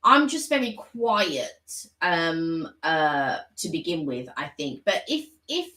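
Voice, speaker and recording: Co-hosting a live stream, a woman chats casually in a low voice at a slow pace, rambling through long stories with many restarts and animated retellings. The recording is rough and the room sounds echoey.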